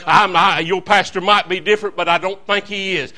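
Male preacher, fervent folksy sermon delivery, forceful and ringing. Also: high voice, fairly even intonation, normal speed, few pauses. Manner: fervent, folksy, calls to the congregation. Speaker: visiting preacher. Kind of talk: revival sermon.

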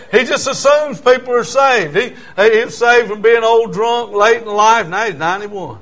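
A man's voice: very high voice, moderate pace, a bit bright. A male preacher, telling stories in a sermon in a folksy, stammering way. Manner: folksy, stammering restarts, chuckles. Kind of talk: storytelling sermon.

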